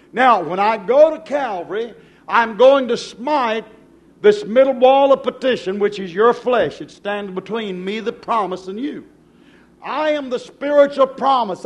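A male preacher delivering a fervent sermon in a church, pressing his listeners with rhetorical questions. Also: very high voice.

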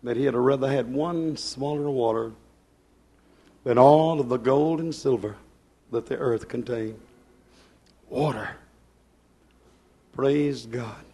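A man preaching to a church congregation, fervent, swinging between loud outbursts and hushed asides. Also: mid-range voice, slow, long pauses, breathy edge. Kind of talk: Pentecostal-style sermon. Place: church service.

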